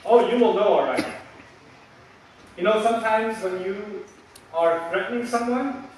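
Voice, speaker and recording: A man giving a religious lecture in a large mosque hall, animated, acting out scolding lines and repeating points for emphasis. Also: sits high, measured pace, long pauses, a little hiss or hum. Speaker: lecturer on scripture. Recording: echoey hall recording from a distance.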